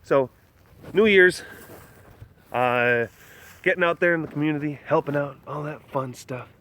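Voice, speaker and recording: A man's voice: measured pace, fairly bright tone, a little hiss or hum. A man chatting casually on a livestream outdoors at an animal facility, reading comments and rambling with many restarts. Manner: rambling with many restarts, coos high at the cats. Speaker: animal care keeper streaming live.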